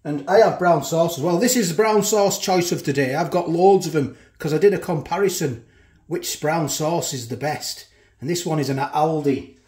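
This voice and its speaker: A chatty food vlogger talks casually while tasting, sometimes with his mouth full. His voice sits a little high for a man. The kitchen around him rings with noticeable echo. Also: normal speed, a little mellow.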